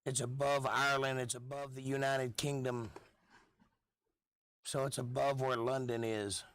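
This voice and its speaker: A hoarse man rambles through a casual live stream chat, offhand and jokey, coughing now and then. His voice sits at an ordinary middle pitch. The sound is dry and close on a desk mic. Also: little pitch movement, unhurried, fairly bright tone, no room sound.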